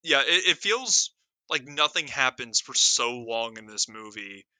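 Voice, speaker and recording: A man's voice: medium pitch, lively intonation, a little slow, sharp tone, dry recording. A man in casual chat about a movie, wry and joking, stumbling over his restarts.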